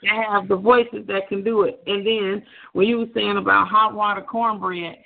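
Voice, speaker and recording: An excitable caller praises another poet in lively, casual talk, with laughter and exclamations. The voice is gravelly and sits in the middle range. It comes through a thin phone line. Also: medium pitch, normal speed. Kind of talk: casual chat.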